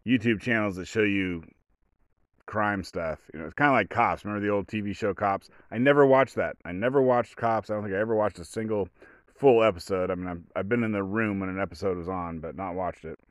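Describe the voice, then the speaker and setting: Rambling low-voiced man. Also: dry recording, clean studio sound. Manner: rambling, self-interrupting storyteller. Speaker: podcast host. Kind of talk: solo casual podcast monologue.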